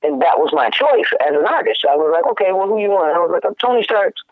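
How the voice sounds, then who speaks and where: A man, a guest musician, telling stories in casual chat, animated and slangy, laughing often. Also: sits high, fast talker, no room sound. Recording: dry, tinny phone-like sound.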